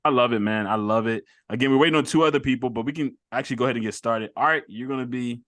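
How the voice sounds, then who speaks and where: A man hosting a casual podcast chat, animated and often restarting his sentences. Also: medium pitch, fast, no echo. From United States. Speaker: podcast host.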